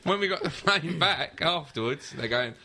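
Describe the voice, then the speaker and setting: A man's voice: a little high, expressive, normal speed, a crowd in the background. A man hosting a casual football podcast, telling stories in a wry, joking way. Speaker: podcast host. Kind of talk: casual banter about football.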